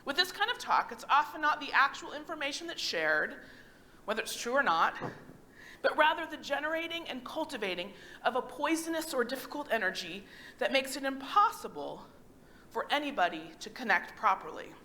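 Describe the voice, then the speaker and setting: Lively, bright-voiced woman pastor preaching. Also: high-pitched, normal speed, a little hiss or hum. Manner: conversational, animated, asks the congregation questions. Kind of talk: sermon. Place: church sanctuary.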